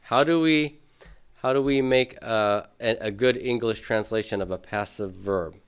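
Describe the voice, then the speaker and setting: A man lecturing to a classroom at an unhurried, deliberate pace. His voice sits low, and he thinks aloud with plenty of fillers while quizzing his students. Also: clean tone. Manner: patient, thinks aloud with many fillers, asks students questions. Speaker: Greek teacher.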